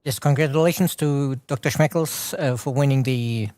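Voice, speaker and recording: A man's voice: mid-range voice, moderate pace, darkish tone, no room sound. A man hosting a live game stream, chatting and commenting on gameplay, laughing often and restarting his words.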